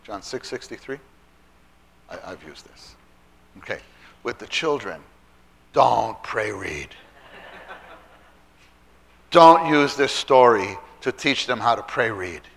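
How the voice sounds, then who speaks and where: A man giving an animated Bible teaching talk to church children's workers, stressing and repeating key phrases. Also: mid-range voice, takes it slowly, vocal fry, long pauses.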